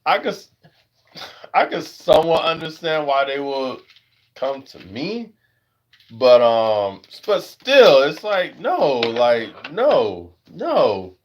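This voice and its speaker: A man's voice: mid-range voice, very animated, slow pace. Rambling American man on a dull lo-fi stream. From United States. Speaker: livestream host. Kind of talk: casual livestream chat.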